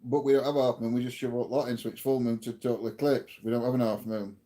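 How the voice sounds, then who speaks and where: A man's voice: mid-range voice, level tone, fast talker, mellow. A man chatting casually as a co-host, dropping brief, dry remarks. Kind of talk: casual chat.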